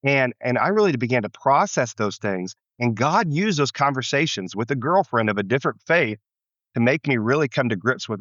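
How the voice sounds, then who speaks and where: A man's voice: medium pitch, expressive, normal speed, a bit bright, no room sound. A man from the United States, a pastor, telling his story in an interview in an earnest, reflective way with frequent restarts. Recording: dull muffled lo-fi sound.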